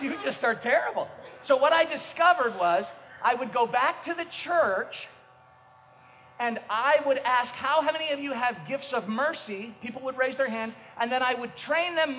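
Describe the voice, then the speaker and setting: A middle-aged male pastor delivers a sermon in a high voice, energetic and poking fun at himself as he tells stories. His voice rings out with a long hall reverb, and faint noise sits underneath. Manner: energetic, self-mocking storytelling with bursts of shouting.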